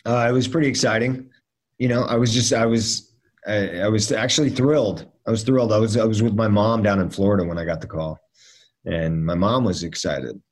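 Low-voiced man telling stories haltingly. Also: fairly even intonation. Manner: halting, many fillers and restarts. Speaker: actor guest. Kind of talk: casual interview storytelling.

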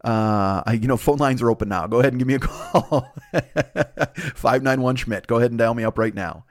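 A man's voice: brisk, no echo. A man hosting a comedy podcast, rambling through a profane comic riff and jumping into character voices. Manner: rambling, heavy swearing, acts out characters with jumps in pitch. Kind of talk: profane comic riffing monologue.

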